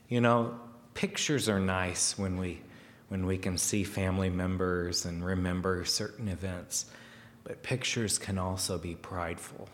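A man preaching a sermon, slow and hesitant, with fillers and restarts, growing louder as he reads scripture aloud. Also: low-pitched, fairly even intonation, big-room sound, a little hiss or hum.

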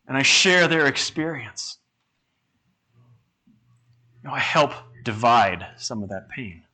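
A man's voice: fairly high pitch, pushed and bright, breathy edge. A man preaching a sermon in a conversational way, asking his listeners questions. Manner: conversational, asks the congregation questions.

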